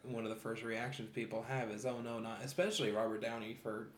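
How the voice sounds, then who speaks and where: A man chatting casually on a podcast, measured and explanatory. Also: lowish voice, fairly even intonation, reverberant. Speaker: podcast co-host. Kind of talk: casual chat.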